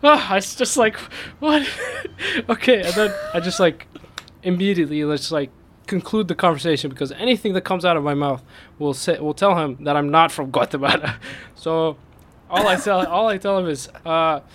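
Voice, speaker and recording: A man telling a funny personal story in a casual chat, breaking into laughter as it builds. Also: normal speed. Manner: laughs through the punchline, voice climbs high with excitement.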